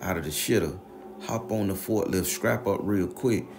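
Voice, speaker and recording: A man with a low, gravelly voice recounting a story in a loose, slangy way. He swears freely and keeps the telling animated. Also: moderate pace, noisy background. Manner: profane, animated, slangy retelling. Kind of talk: casual spoken storytelling.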